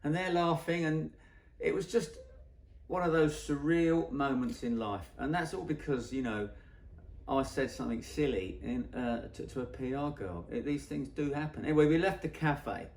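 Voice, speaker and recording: A man's voice: a little high, moderate pace, vocal fry, a little mellow. Rambling man telling a story. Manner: rambling, self-correcting. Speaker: photographer. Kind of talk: storytelling anecdote. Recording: roomy echo.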